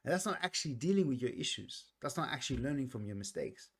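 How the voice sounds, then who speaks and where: A man talking casually through a song's meaning, earnest and reflective, often pausing and restarting his sentences. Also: mid-range voice, lively intonation, husky. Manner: earnest, reflective, soft-spoken. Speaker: music reaction vlogger. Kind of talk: casual song commentary.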